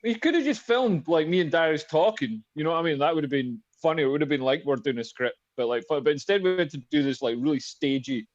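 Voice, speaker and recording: A man's voice: on the high side, fast, few pauses. A man co-hosting a podcast, telling a rambling comedic anecdote in casual chat full of fillers. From Britain. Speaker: podcast co-host. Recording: dull lo-fi podcast audio.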